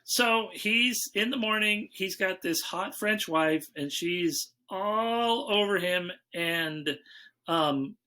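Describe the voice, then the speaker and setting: A man's voice: high voice, slow pace, sharp tone. A man hosting a casual movie-review podcast, loosely recapping the plot with fillers and asides. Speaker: podcast host.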